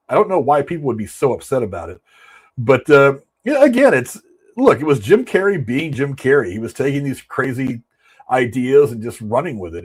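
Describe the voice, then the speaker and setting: Male host, 40s, husky, mid-pitched, rambling casual commentary. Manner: rambling, offhand, reads quotes aloud and reacts. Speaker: show host.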